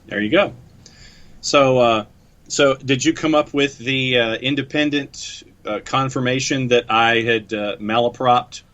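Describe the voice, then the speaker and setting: A man's voice: mid-range voice, unhurried, a bit bright. A man co-hosting a sports podcast, wry and casual, reading out news items. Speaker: podcast co-host. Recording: muffled lo-fi audio.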